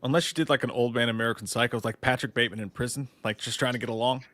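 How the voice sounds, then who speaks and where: A man's voice: mid-range voice, racing, dry recording. Laid-back profane man, dry close mic. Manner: animated, profane, laughs often, reads viewer comments aloud. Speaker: co-host of a movie news stream. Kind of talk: casual live-stream chat.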